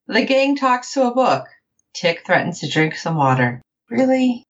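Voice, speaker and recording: A woman co-hosting a casual recap show, animated and acting out the characters' lines as she tells it. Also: a little high, unhurried, highs cut off, slight background noise. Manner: animated, quotes characters in playful voices. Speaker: podcast co-host.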